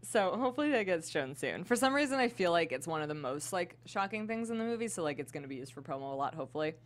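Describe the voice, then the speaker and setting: Chatty young woman, low-pitched voice. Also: quick pace. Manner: animated storytelling, heavy use of "like". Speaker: podcast co-host. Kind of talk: casual chat.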